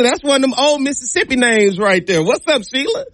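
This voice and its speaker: Lively high-voiced radio host. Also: male voice, a little fast, no room sound, clean studio sound. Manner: playful, teasing banter. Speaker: radio show host taking calls. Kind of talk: casual call-in sports talk.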